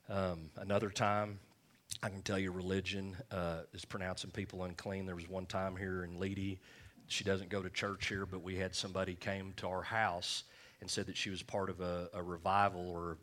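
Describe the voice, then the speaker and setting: A man with a somewhat low voice preaches a sermon from the pulpit of a church. He repeats his phrases and keeps checking in with his listeners with a quick "all right?" between points. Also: level tone, fairly bright tone. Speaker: pastor.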